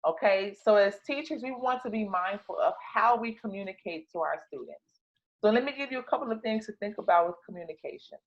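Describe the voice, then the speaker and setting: A woman's voice: medium pitch, animated, fairly quick. Woman walking teachers through classroom ideas, chatty with lots of ums, kinda muffled lo-fi sound. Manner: conversational, many fillers and restarts, repeats key words. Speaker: teacher trainer. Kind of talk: instructional talk.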